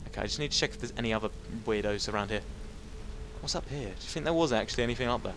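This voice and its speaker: A man giving casual, jumpy let's-play commentary, talking to enemies and reacting out loud. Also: mid-range voice, racing, noisy background. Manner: jumpy, excitable, talks to enemies. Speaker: gameplay commentator.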